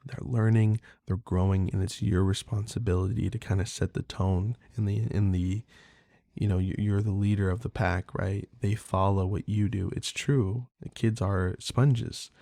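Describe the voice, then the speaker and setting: A man's voice: fairly low pitch, steady tone, moderate pace, gravelly, mellow, dry recording, studio quality. A man hosting a podcast, talking casually and candidly in a rambling way, swearing freely with lots of fillers. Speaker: podcast host. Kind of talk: casual monologue.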